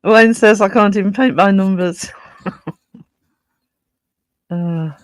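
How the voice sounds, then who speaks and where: A man hosts a livestream in a chatty, casual way, reading viewer comments aloud and greeting people by name. He has a high voice and speaks slowly, with a clean tone and no echo.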